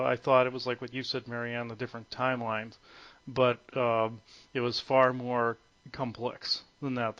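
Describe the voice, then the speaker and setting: A man's voice: mid-range voice, vocal fry, a bit bright. A man speaking as a guest on a conference call, hesitant and full of fillers and restarts. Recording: muffled lo-fi phone audio.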